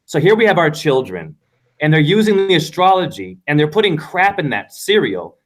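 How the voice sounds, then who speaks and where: A man's voice: fairly high pitch, sing-song, normal speed. A man in a casual panel discussion, speaking fervently and emphatically, often repeating himself. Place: runs a dance studio.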